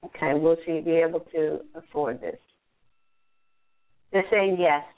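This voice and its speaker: A woman's voice: low-pitched, fairly even intonation, measured pace. Woman hosting a call-in reading, phone-line sound. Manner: repeats messages she says she hears, gentle reassuring advice. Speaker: radio show host and angel reader.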